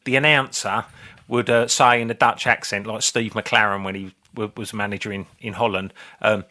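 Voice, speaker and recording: A man's voice: on the low side, fairly even intonation, moderate pace, pushed and bright. A man in his fifties, co-hosting a comedy podcast as a rambling, sweary storyteller. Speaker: podcast co-host. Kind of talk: casual chat.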